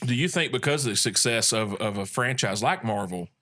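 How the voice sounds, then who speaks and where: Male host, bright tone, loose rambling talk. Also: mid-range voice, expressive, fairly quick. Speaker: podcast host. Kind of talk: casual chat.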